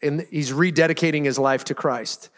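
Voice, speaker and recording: A man's voice: a little high, steady tone, normal speed, in a large hall. A man pastor preaching a sermon in a casual, storytelling way, often restarting his sentences. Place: church sanctuary.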